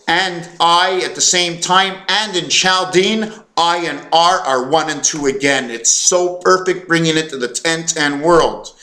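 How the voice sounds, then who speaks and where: A man with a fairly high-pitched voice talks straight to the viewer in a rambling, self-interrupting monologue. He stumbles over words, fills pauses with "uh" and "um", and reels off long chains of numbers at a hurried clip. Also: sharp tone. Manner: hesitant, stumbling, full of fillers and self-corrections; fast, run-on counting and reciting of numbers. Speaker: vlogger. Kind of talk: rambling numerology monologue to camera.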